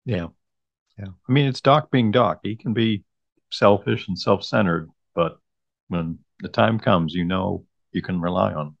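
A man co-hosting a podcast with a relaxed, agreeable manner, mostly giving short replies. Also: sits low, measured pace, creaky, no room sound. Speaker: podcast co-host. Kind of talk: casual podcast chat. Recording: dull lo-fi sound.

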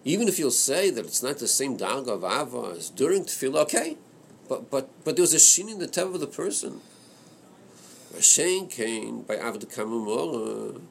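A man leading a study class on a Chassidic text, thinking aloud in a hesitant, halting way that repeats words. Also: mid-range voice, very animated, creaky, a little hiss or hum. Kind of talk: Torah study class discussion.

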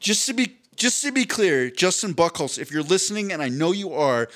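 Animated rambling man, slightly high voice. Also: normal speed. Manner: rambling, animated, swearing, acts out quoted people. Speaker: podcast co-host. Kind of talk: casual storytelling chat.

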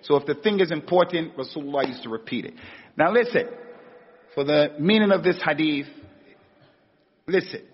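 A man's voice: a little high, normal speed, long pauses, husky. An American man teaching an Islamic lecture, emphatic, repeating key words and rising sharply on rhetorical questions. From United States. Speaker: religious teacher. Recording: dull, echoey hall recording.

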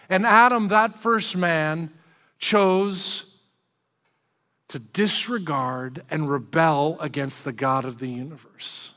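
A man preaching a sermon as pastor, animated and acting out the quoted lines of the figures in the story. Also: high voice, slow, long reverb tail. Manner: animated, acts out quoted speech.

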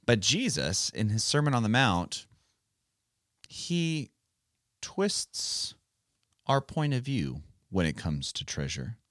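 A man's voice: mid-range voice, sing-song, slow, pauses often, a bit bright, no room sound, studio quality. A man hosting a casual Bible podcast for children, talking in a playful, teacherly way. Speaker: podcast host.

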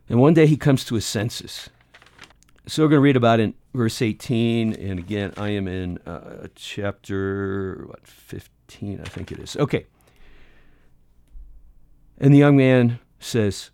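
A man's voice: on the low side, a little slow, warm tone, no room sound, studio quality. A middle-aged American man giving a conversational teaching talk on evangelism, often restarting his phrases and acting out short dialogues. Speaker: ministry teacher.

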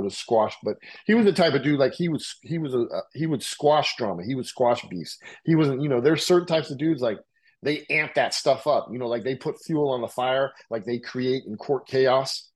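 A middle-aged American writer, a guest in an interview, speaks in a mid-range, darkish voice. He tells stories about his past loosely and with slang, peppering them with "like" and "you know," and coughs from a bong.

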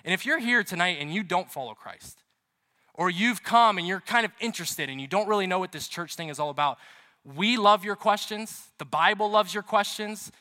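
Bright high-ish guy preaching in a church, chatty stories, repeats lines for punch. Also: fairly quick. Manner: conversational, storytelling, emphatic repetition. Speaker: pastor. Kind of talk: sermon. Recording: reverberant hall.

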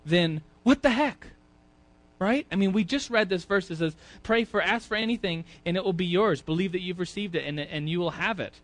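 Speaking briskly in a voice that sits high, a man leads a church Sunday school class. The feel is that of a casual sermon, full of repeated words and questions aimed at his listeners.

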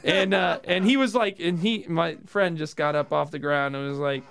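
A man with a high, gravelly voice hosts a casual comedy podcast. He tells his stories in an animated way and laughs often. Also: normal speed. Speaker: podcast host.

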